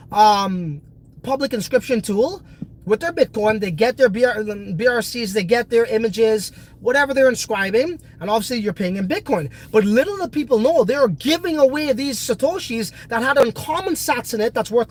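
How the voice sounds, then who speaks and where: A man's voice: very high-pitched, low-quality recording. A congested man hosting a casual crypto video, talking in a brash, profane, hyped way. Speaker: crypto project host.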